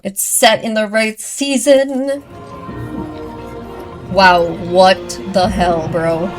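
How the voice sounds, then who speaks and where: A woman's voice: medium pitch, over music. A woman hosting a first-time movie reaction, talking casually, gushing and getting worked up, then apologizing for it. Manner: excitable, gushing, quick to apologize. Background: movie audio playing.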